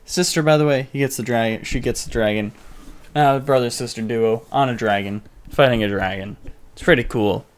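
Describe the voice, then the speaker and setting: A young man co-hosting a podcast, casually retelling a movie in a rambling, jokey way with quick mock voices. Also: mid-range voice. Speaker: podcast co-host. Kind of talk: casual movie recap chat.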